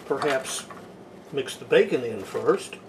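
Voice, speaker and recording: A man's voice: mid-range voice, expressive, slow, background noise. A man narrating his own cooking in a home kitchen, dry and wry. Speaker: home cook.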